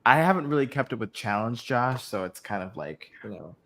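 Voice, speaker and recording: A man's voice: medium pitch, animated, a little fast, fairly bright tone. A man in a casual podcast chat, speaking hesitantly and trailing off.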